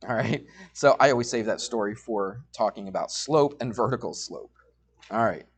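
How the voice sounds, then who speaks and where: A man's voice: lowish voice, moderate pace, breathy edge. A middle-aged man teaching a college math class, telling a personal story in a chatty way and often checking in with students. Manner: chatty, storytelling, asks frequent check-in questions.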